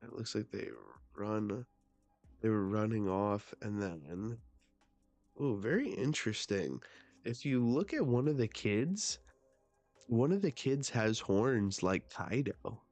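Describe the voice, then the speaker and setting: A man hosting a casual live manga reading, excitable and stammering in his asides. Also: fairly low pitch, slow, no room sound, soft background music. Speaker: manga reaction host.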